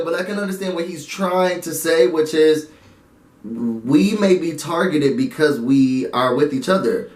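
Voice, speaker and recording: A man casually recapping and reviewing a show episode, animated and chatty with frequent laughs. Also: mid-range voice, roomy sound.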